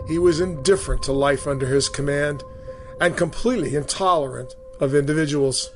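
A man narrating his own experience in a measured, vivid first-person telling. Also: a little high. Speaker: storyteller recalling boot camp. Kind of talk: storytelling narration.

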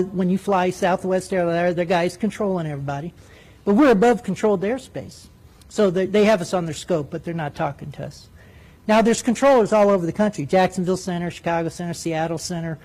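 High-pitched guy telling an old flying story, super animated, does the radio voices. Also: low-quality recording. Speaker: retired military pilot. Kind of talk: storytelling speech.

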